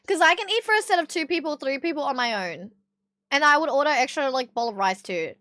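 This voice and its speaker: A woman's voice: high-pitched, lively intonation, fast talker, sharp tone, no echo, studio quality. An Australian woman streaming live, chatting casually with her chat, swearing freely and laughing often.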